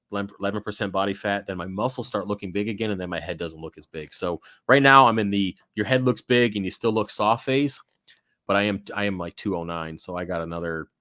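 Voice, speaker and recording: Young man, low voice, dry close sound; casual live-stream host who rambles, swears and wanders off topic. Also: fairly bright tone, dry recording. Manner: rambling, profane, easily sidetracked, reads chat aloud. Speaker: livestream host answering viewer questions.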